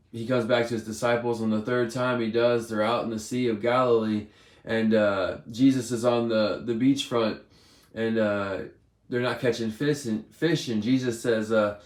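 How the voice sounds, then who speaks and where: A man giving a casual Bible devotional, retelling loosely with many fillers. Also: medium pitch. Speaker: devotional speaker. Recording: roomy echo.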